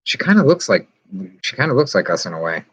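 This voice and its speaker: A chatty man hosts a loose live stream, wandering from one thought to the next as he answers comments. His voice sits in a middling pitch. The stream audio is a little dull and lo-fi. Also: very animated, fast, breathy edge. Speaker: vlog host. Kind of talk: casual live-stream chat with viewers. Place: inside a yurt.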